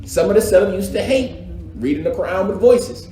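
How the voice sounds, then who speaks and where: A man teaching a casual religious class, talking in a lively, slangy way and mimicking recitation styles. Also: high-pitched, a little fast. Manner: animated, conversational, slangy, imitates recitation styles. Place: echoey mosque classroom. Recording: echoey room with faint background ambience.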